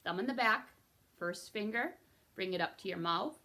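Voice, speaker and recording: A woman's voice: medium pitch, lively intonation, moderate pace, heavy background noise. A woman teaching a beginner recorder lesson, patient and encouraging, checking in with frequent okays. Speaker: music teacher.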